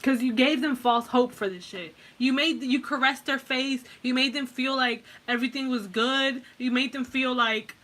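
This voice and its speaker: A woman with a high, slightly bright voice talks at a normal pace with few pauses. She's a tarot reader doing a casual pick-a-card reading straight to the viewer, blunt and heavily profane, rambling with restarts and fillers.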